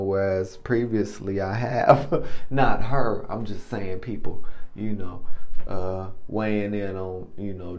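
A man with a fairly low voice spins a rambling personal story, unhurried and full of slang fillers. He laughs often and keeps an easy, playful tone. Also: darkish tone, slight background noise. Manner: casual slang, much "you know" and "man". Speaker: podcast host. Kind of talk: casual testimony monologue.

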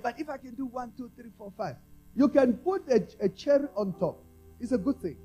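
A man from South Africa, an apostle, preaches a sermon at normal speed in a high, lively voice, with soft music behind him and rough recording quality. He leads call-and-response, asking the congregation to repeat him, and moves from quiet, low asides to loud exhortation.

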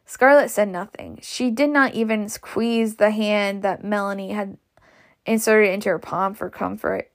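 Woman narrator, slow unhurried audiobook read, gravelly texture, small restarts. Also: mid-range voice, fairly even intonation. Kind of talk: audiobook reading.

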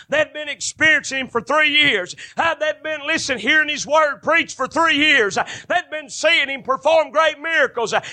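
A man preaches a fervent sermon. His voice is high and bright, and it climbs into shouted, ringing stretches. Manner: fervent, rising to shouted bursts.

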